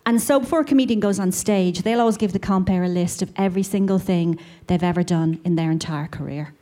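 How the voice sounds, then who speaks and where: A woman's voice: fairly low pitch, fast talker, dark tone. A woman performing a stand-up routine on a comedy club stage, sardonic, with her bits building into mock rants. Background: audience laughter.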